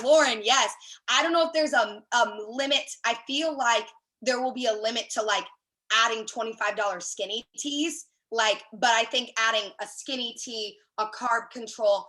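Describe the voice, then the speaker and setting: A woman leading a team sales training over a video call, chatty and excited, with lots of fillers and quick asides. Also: on the high side, rough recording.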